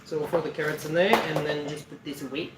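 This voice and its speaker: A man's voice: on the high side, fairly even intonation, fast. A man chatting casually while he cooks on a livestream, laughing often and swearing freely. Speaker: cooking streamer. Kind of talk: casual cooking livestream chat. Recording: roomy echo, mic at a distance, faint background noise.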